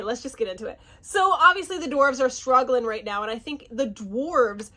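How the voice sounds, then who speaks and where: A woman giving a casual, animated reaction review, often restarting and stumbling over names. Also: high voice, normal speed. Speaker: fantasy series reviewer.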